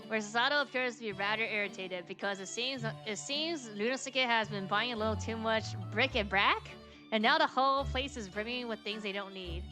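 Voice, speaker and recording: A woman's voice: on the high side, brisk. A woman streamer reading a game's dialogue aloud and voicing every character herself, with casual asides between lines. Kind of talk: reading game dialogue aloud in a let's-play. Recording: game music playing underneath.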